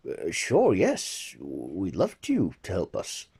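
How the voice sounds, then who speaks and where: A man's voice: deep voice, wildly swooping pitch, slow pace, vocal fry, a little mellow, husky, full character voice. A man voicing a flustered male charity worker who stammers in grateful surprise.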